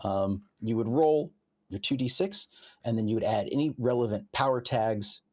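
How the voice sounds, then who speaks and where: Medium in pitch and darkish in tone, this man speaks at a moderate pace as the game master. Chatting casually, he goes through the tabletop rules one step at a time, giving examples and starting sentences over.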